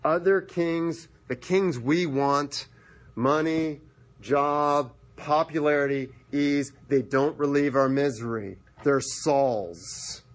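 A man preaching a sermon, retelling a scripture story with animated voices for its characters. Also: a little high, slow pace. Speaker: pastor.

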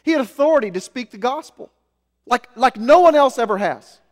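A man preaching a sermon, with animated delivery that swings between loud emphasis and soft, low asides. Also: a little fast. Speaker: pastor. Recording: long hall reverb.

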